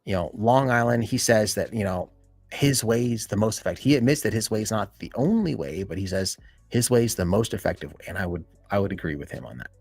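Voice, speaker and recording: A man hosting a live stream in casual chat, rambling and filling every pause with "you know" and "like". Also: fairly low pitch, animated, gravelly, darkish tone, husky, dry recording, faint music behind.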